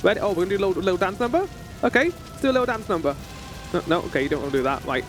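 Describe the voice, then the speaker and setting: A man's voice: high-pitched, big pitch swings, rapid-fire, faint music behind. A man streaming a game, chatting casually and joking with frequent laughs. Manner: chatty, jokey, laughs often. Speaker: gaming streamer.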